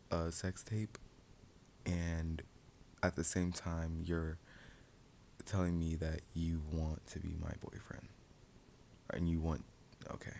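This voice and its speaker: A young man telling a casual, profane story in a soft-spoken, half-whispered ASMR role-play, breaking into sudden loud outbursts. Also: sits low, slight background noise.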